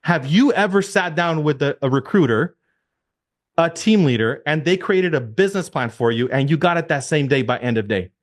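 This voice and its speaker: A man who leads a real estate team, giving an energetic coaching talk on a video call, repeating his key points and firing rhetorical questions at his listeners. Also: a little high, normal speed.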